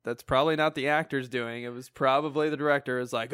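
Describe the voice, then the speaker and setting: A man's voice: mid-range voice, steady tone, quick pace, few pauses, a bit bright, clean tone, no echo, clean studio sound. A man co-hosting a casual movie review chat, easygoing and joking. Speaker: podcast co-host.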